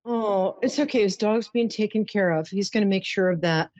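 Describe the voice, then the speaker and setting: A woman's voice: mid-range voice, moderate pace, a little mellow, no echo. A woman hosting a psychic call-in show, soothing and full of endearments as she gives readings. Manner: soothing, showers callers with endearments. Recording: dull lo-fi dry sound.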